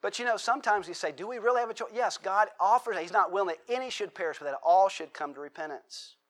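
A man preaching a sermon in a conversational way, repeating and restarting words, and building to animated stories. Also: high voice, fast. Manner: conversational, animated storytelling with rising emphasis.

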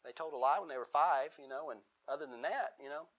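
Heard on a rough recording, this Bible study leader speaks quickly in a fairly high, fairly bright voice within a church room. The session is a homey, conversational sermon with Q&A, and he keeps restarting and repeating his words.

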